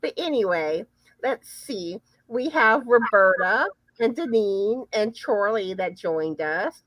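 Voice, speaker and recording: A slow, lively woman hosting a live chat. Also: mid-range voice, no echo. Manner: chatty, repeats words when starting sentences. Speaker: livestream host.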